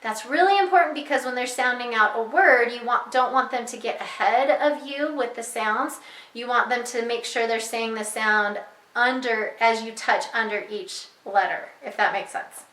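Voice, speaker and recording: Young woman teacher, bright and higher voice, patient and clear, explaining a reading lesson to parents. Echoey room. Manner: clear, patient, slows to model sounds. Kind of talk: instructional walkthrough for parents.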